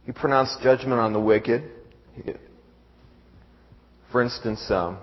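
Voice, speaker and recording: A middle-aged man preaches a sermon, stopping and restarting his words and reading verses aloud. His voice sits at a middle pitch. The sound is dull, with a long reverb from a large hall. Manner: halting, repeats words, reads scripture aloud.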